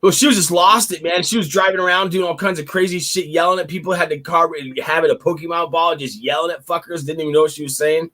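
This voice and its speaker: Excitable, foul-mouthed man telling a story. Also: on the high side, fast, hardly any pauses. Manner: animated, profane, excitable storyteller. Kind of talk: casual storytelling chat.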